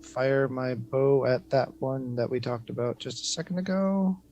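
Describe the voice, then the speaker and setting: A man's voice: mid-range voice, lively intonation, moderate pace, darkish tone, faint music behind. A man playing in a tabletop game, talking casually and hesitantly, thinking aloud with ums. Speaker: player.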